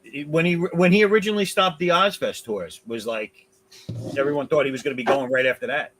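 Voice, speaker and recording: Halting man recalling stories. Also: fairly high pitch, a bit bright, a little hiss or hum, poor audio. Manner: halting, repeats words as he recalls. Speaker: panelist on a livestream. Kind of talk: casual chat.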